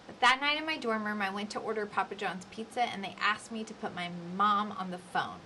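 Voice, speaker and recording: A woman in her forties giving a lively coaching lecture on public speaking, with varied emphasis. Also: medium pitch, brisk, slight background noise. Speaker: instructor.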